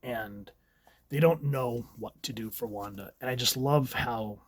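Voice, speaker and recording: A man's voice: mid-range voice, unhurried, slightly rough, no echo. A man casually reviewing a comic book, chatty and a bit rambling as he recaps the pages.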